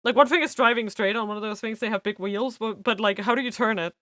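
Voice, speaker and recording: A woman's voice: fairly high pitch, fast, pushed and bright. A woman streaming a game playthrough, talking in a chatty, wry way. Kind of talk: casual game playthrough commentary.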